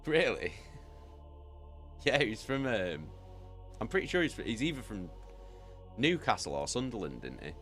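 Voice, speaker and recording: British man, low voice, casual swearing, opinionated streamer chat. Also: big pitch swings, measured pace, long pauses, fairly bright tone, faint music behind. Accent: British English. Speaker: streamer chatting with viewers.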